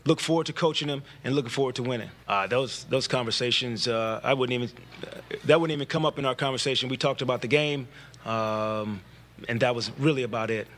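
Halting male coach at a press conference. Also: mid-range voice, a bit bright. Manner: measured, halting, frequent "uh" fillers.

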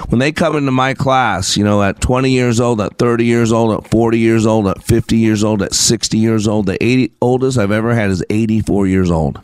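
A man's voice: fairly low pitch, a little mellow, dry recording. A middle-aged man hosting a motivational talk radio show, emphatic and preachy, piling up lists as he builds his points. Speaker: radio show host and leadership coach.

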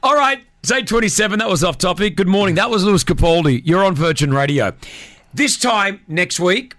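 A bouncy, joking male radio host on air in a studio. His voice sits a touch high and sounds dry and close to the mic, and he keeps the energy up while talking with callers. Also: brisk, no echo. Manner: excitable, joking. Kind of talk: morning radio chat.

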